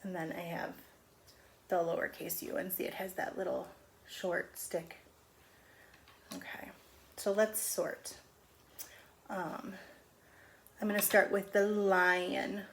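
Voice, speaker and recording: A middle-aged woman teaching a phonics lesson on video at home, stretching out letter sounds slowly and patiently. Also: lowish voice, level tone, creaky, a little hiss or hum. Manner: slow, drawn-out sounding of letters. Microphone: camera on video.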